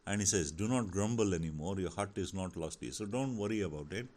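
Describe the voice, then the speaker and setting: A man teaching a short story, reading lines aloud and then explaining them in his own words, with frequent pauses and restarts. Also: deep voice, a little mellow. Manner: reads quotes aloud, then paraphrases with many fillers and restarts.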